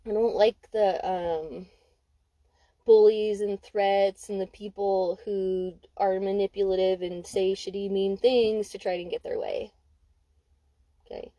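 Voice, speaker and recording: A woman's voice: medium pitch, flat delivery, slow pace, warm tone, dry recording, low-quality recording. A young adult woman giving a casual spoken card reading, candid and emphatic, swearing freely. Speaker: intuitive card reader. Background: dog barking.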